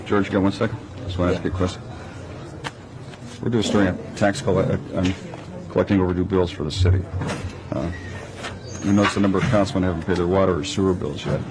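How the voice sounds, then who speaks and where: A man's voice: low voice, fairly even intonation, fast talker, pauses often, noisy background. A man reporting for TV, pressing someone with pointed questions.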